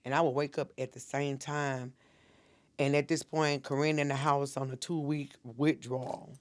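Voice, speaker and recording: A woman's voice: rumbling low, little pitch movement, normal speed. A middle-aged woman, a minister telling an intense personal story as a podcast guest and acting out what people said.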